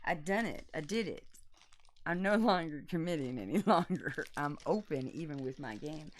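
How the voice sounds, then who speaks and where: A woman's voice: sits low, animated, moderate pace. A woman in her fifties hosting a casual board game unboxing, joking bawdily and laughing often. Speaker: host.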